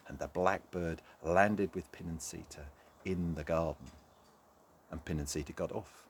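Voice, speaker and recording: A man telling a folk tale to children, animated and talking straight to the young listeners. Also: low-pitched, normal speed, a little hiss or hum. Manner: animated, talks directly to children. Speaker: storyteller. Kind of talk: children's story narration.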